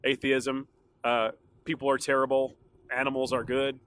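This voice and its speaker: Chatting alone on his own podcast, a man rambles casually and laughs often, his throat a little sore. His mid-range voice has a fairly bright tone, with a flat delivery at a moderate pace.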